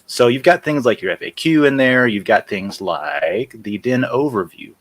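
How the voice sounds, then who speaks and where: A man's voice: mid-range voice, animated, moderate pace, fairly bright tone. A man hosting a casual live-stream chat, walking viewers through a website demo and correcting himself as he clicks through screens. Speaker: host.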